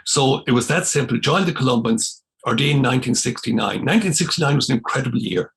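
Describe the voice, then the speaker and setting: A man's voice: medium pitch, a little fast, gravelly, few pauses. An older Irish man, a former missionary priest, telling his life story as a podcast guest and acting out the dialogue he recalls. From Ireland. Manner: animated storyteller, acts out quoted dialogue. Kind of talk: storytelling in conversation.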